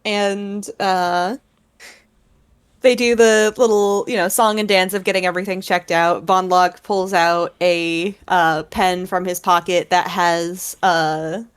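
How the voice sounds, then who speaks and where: A woman's voice: on the low side, takes it slowly, clear, resonant tone. Woman gm narrating a tabletop game, laid back, lots of uhs and likes. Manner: relaxed, many fillers. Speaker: game master.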